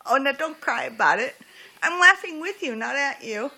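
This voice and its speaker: A woman's voice: high-pitched, lively intonation, normal speed, creaky, pushed and bright, low-quality recording. A woman at home talking to her pet cockatoo, teasing and laughing, slipping into cooing baby talk.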